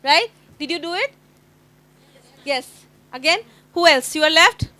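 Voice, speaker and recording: A high-pitched Indian woman trainer leads a phonics session for teachers. She sounds out each letter again and again and keeps quizzing the room. Her voice is bright and sharp. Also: animated, dry recording. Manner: sounds out letters slowly and repeatedly, quizzing the group.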